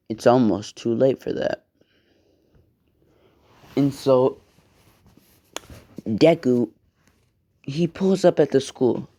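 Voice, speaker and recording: Brief: young male storyteller, casual and rambling, heavy slang, unhurried, warm dark tone. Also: medium pitch. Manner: loose slang and profanity, rambling asides. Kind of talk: casual fan-fiction storytelling.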